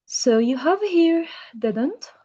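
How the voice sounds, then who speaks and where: A woman's voice: high voice, animated, takes it slowly, mellow, lo-fi sound. A woman teaching English grammar in a patient manner, asking the learner questions. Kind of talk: grammar lesson.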